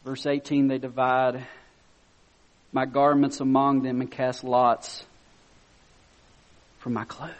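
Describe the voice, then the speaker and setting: A man with a mid-range voice preaches slowly, leaving long pauses, as he reads scripture softly before building to loud, excited emphasis. He chuckles between his points.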